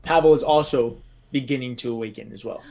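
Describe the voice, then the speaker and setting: A man running a tabletop game as game master, narrating scenes slowly and descriptively with small hesitations. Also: medium pitch, vocal fry, warm tone, faint music behind.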